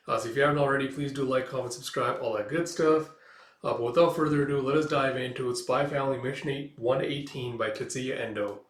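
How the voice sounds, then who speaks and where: A man's voice: medium pitch, steady tone, quick pace. A man hosting a casual comic read-through, talking loosely with many fillers. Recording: echoey room.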